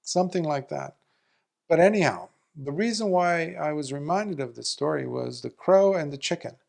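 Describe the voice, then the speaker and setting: Gravelly-voiced monk telling a story. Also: male voice, normal speed. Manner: animated storyteller, acting out quoted speakers with big jumps in pitch and loudness. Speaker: Buddhist monk teacher. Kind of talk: Dharma talk, storytelling.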